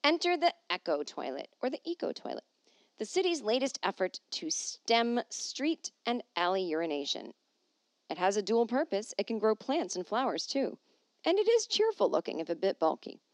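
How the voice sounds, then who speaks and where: A woman's voice: medium pitch, sing-song, moderate pace, no echo. A woman hosting a podcast from home, chatting casually and reading an article aloud with wry, jokey asides. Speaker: podcast host.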